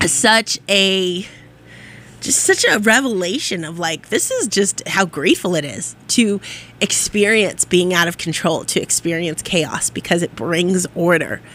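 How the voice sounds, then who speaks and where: A woman's voice: lowish voice, lively intonation, measured pace, fairly bright tone, a little hiss or hum. A woman hosting a radio show in a studio, talking in an effusive, rambling, upbeat way. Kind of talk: casual on-air monologue.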